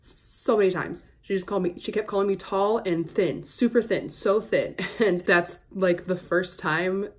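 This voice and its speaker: A woman's voice: lowish voice, moderate pace, few pauses. A young woman chatting casually and swearing freely while demonstrating her makeup. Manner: chatty, profane, easily excited. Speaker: makeup vlogger. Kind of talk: casual makeup tutorial chat.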